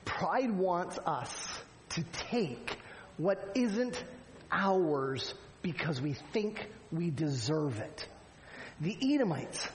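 A man's voice: high-pitched, long reverb tail, slight background noise, poor audio. A man preaching a sermon in a conversational way, with frequent rhetorical asides to the congregation. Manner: conversational preaching, frequent "right?" asides, acts out quoted lines. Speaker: pastor.

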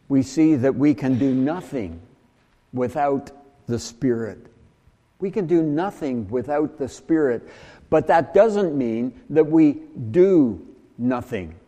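A man preaching a sermon, talking slowly and haltingly with frequent restarts and fillers. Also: mid-range voice, mellow, big-room sound. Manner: slow, halting delivery with many restarts and fillers. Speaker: pastor.

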